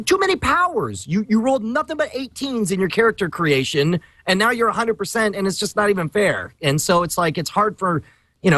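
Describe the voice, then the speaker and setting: Fairly high in pitch and fairly bright, this podcast co-host's voice comes through a dry recording. He's chatting casually and with enthusiasm, repeating words to stress them.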